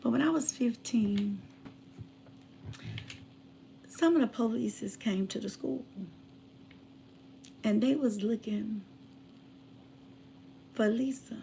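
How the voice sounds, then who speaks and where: A woman telling a personal story in casual chat, drifting from hushed asides to loud emphatic bursts. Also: on the high side, takes it slowly, vocal fry, long pauses, a little hiss or hum. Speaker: channel host.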